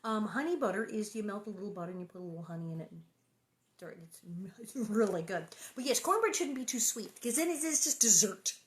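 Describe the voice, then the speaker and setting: Woman reading a kids' book out loud, chatty and playful, keeps answering the chat. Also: medium pitch, animated, fairly quick. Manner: chatty, playful, reacts to viewer comments. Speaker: reader hosting a book reading stream. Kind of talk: reading a children's novel aloud with chatty asides.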